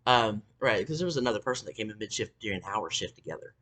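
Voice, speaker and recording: A woman's voice: extremely low pitch, lively intonation, fast talker, fairly bright tone. A woman telling a story in a casual, rambling rant, swearing often and filling her talk with ums and likes. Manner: profane, rambling, full of fillers. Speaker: vlogger.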